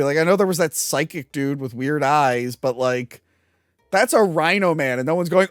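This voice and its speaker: Brief: lively, ranting co-host, big swings in pitch, close dry mic. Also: no room sound. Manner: animated, ranting, quick to laugh. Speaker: podcast co-host. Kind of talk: casual movie review chat.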